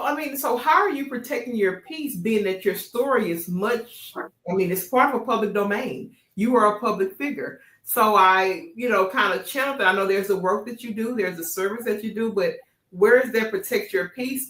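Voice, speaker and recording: A woman hosting a podcast interview, chatting in an animated and affirming way. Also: mid-range voice, moderate pace. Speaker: podcast host. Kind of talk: casual interview chat. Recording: roomy echo.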